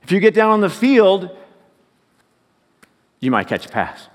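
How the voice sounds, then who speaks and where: A man's voice: high voice, very animated, a little slow, big-room sound, voice pushed up. A man voicing a patient, matter-of-fact star quarterback setting a teammate straight. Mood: firm.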